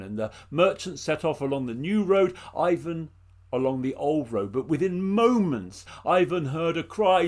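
An English man tells a folk tale to listeners, lively and expressive, calling on them by name. His speaking voice sits a little high for a man. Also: normal speed. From England. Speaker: storyteller. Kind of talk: oral storytelling performance.

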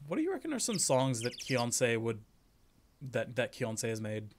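A man's voice: mid-range voice, wildly swooping pitch, moderate pace, background noise. A man casually commentating a game stream, joking and reading the on-screen text aloud. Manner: joking, reads place names aloud. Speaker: let's play streamer.

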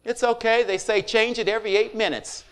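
Pastor, man, middle-aged, high clear voice, chatty sermon with call-and-response asides. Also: steady tone, fairly quick, a bit bright.

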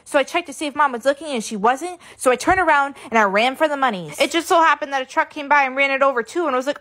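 A young woman tells a silly comic story in a loud, bouncy, exaggerated voice. Her pitch is very high. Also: racing, few pauses. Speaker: comedy creator. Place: in Florida.

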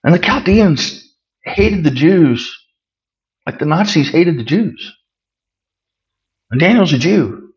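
A man's voice: a little high, expressive, slow pace, pauses often. A man teaching a sermon on a Bible passage, reading scripture aloud and explaining it in a plain, conversational way with emphatic asides. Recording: muffled lo-fi recording.

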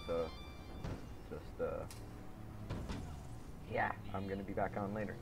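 Slow-talking slangy young man gamer. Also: low-pitched, creaky, music in the background. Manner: slangy and profane, repeats catchphrases; taunting and laughing when excited. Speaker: gamer recording his own gameplay. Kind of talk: casual gameplay commentary.

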